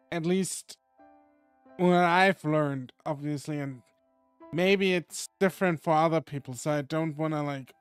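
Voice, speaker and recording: A man's voice: a little high, clean tone. A man streaming himself reading a visual novel aloud, chatting casually and reflectively between passages and swearing freely.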